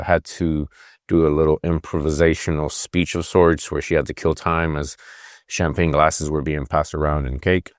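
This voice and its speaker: Deep-voiced man in his fifties, reflective. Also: dry recording, clean studio sound. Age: 50s. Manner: emotional, rambling, frequent fillers and restarts. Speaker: podcast host. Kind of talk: casual reflective monologue.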